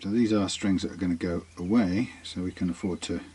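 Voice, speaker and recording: Low-voiced man musing through a setup. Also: steady tone, fairly quick, background noise. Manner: musing, talks to himself while working. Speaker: guitar technician. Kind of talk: hands-on workshop demonstration.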